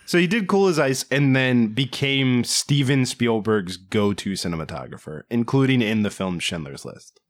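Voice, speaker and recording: Animated, incredulous man riffing on a movie. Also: medium pitch, moderate pace. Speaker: podcast co-host. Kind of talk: casual movie review chat.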